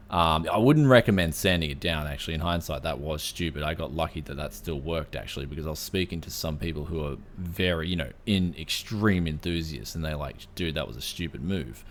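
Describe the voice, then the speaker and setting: Laid-back Aussie host, deep voice, easygoing tech chat full of "man". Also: fairly quick. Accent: Australian. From Australia. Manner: laid-back, says "man" often, many fillers. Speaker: podcast host. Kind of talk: casual tech podcast chat.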